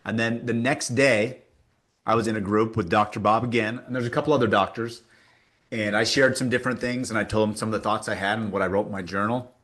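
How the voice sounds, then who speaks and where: A man's voice: on the low side, fast talker. A man being interviewed, telling a story with energy and acting out the dialogue he quotes. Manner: animated storyteller who acts out quoted dialogue; frequent fillers and restarts, emphatic. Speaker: interview guest. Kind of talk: casual conversational interview.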